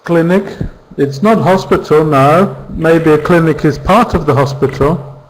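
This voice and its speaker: Slow, patient male English teacher. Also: fairly high pitch, low-quality recording. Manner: slow, patient drilling of words and stress. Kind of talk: online vocabulary lesson. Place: virtual classroom.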